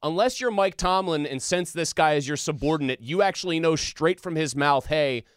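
Emphatic man arguing sports, smooth voice. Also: a little high, fairly quick, no room sound, clean studio sound. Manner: emphatic, argumentative. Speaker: sports podcast co-host. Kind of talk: casual sports debate.

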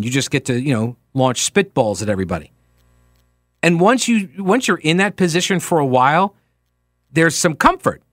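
Animated sarcastic man hosting talk radio. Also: fairly high pitch, no room sound, clean studio sound. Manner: mocking, wry, animated interjections. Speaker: radio talk show host. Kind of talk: sarcastic political commentary.

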